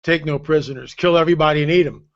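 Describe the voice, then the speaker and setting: A man's voice: on the high side, fairly even intonation, very fast. An older man telling a story with drama, acting out the dialogue and joking sarcastically. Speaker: guest author. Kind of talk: animated storytelling. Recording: dull lo-fi stream audio.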